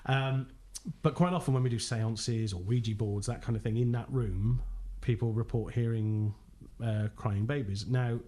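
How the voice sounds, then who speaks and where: A man, a ghost hunter telling animated anecdotes in casual podcast chat, laughing often and acting out quotes. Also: medium pitch, normal speed, few pauses, a little hiss or hum.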